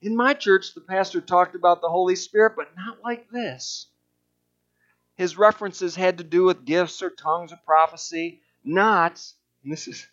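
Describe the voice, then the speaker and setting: A man's voice: high-pitched, steady tone, moderate pace, fairly bright tone. A man preaching a sermon who reads aloud earnestly and emphatically, with fillers and restarts. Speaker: pastor. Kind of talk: sermon with reading aloud from a book. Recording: dull lo-fi recording.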